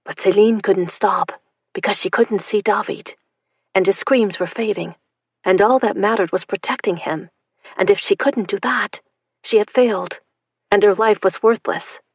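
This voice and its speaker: A woman narrating an audiobook in a tense, hushed storytelling manner. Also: medium pitch, moderate pace, breathy edge, dry recording.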